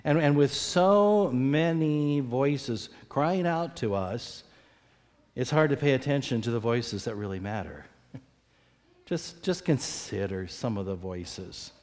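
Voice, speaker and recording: Preacher in a reverberant hall. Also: male voice, lively intonation, slow, darkish tone. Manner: earnest, often repeats words while speaking; acts out quoted voices with big pitch swings. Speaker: pastor. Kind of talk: sermon.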